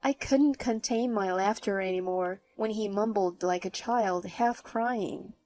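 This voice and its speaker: Woman narrator for a first-person story; mellow, mocking edge. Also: medium pitch, measured pace, few pauses. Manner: mocking, even-toned. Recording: faint background music.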